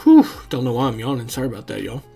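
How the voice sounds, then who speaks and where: Man, casual gameplay commentary, rambling, curses a lot, chuckles, mid pitch, faint music behind. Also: quick pace, creaky, slightly rough. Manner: relaxed and rambling, swears freely, chuckles often. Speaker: gaming commentator.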